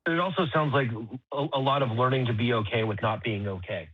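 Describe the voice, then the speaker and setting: A man co-hosting a casual discussion, calmly summing up what others say. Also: mid-range voice, brisk, no room sound, phone-quality sound. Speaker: co-host.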